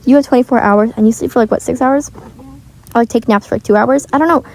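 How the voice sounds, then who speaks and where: A woman's voice: a little high, fast talker, a little mellow, rough recording. A teenage girl chatting casually while gaming, rambling with lots of filler words, recorded on earbuds in a shared bedroom. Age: teens. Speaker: gaming vlogger. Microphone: wireless earbuds.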